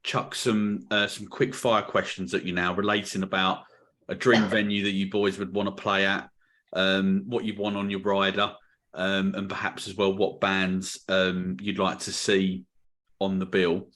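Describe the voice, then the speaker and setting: A man's voice: deep voice, level tone, measured pace, fairly bright tone. A man hosting a casual music podcast interview, asking questions with many restarts and fillers. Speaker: podcast host.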